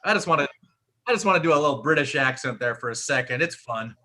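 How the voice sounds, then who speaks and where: A man doing stand-up bits as a comedy guest, animated and profane, mocking himself as he goes. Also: medium pitch, fast talker, heavy background noise. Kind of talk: stand-up bits on a live show.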